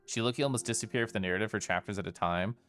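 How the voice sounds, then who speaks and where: A man's voice: lowish voice, very fast, fairly bright tone. A man streaming a story game live, reflecting on the plot and greeting chat in a chatty, thoughtful way.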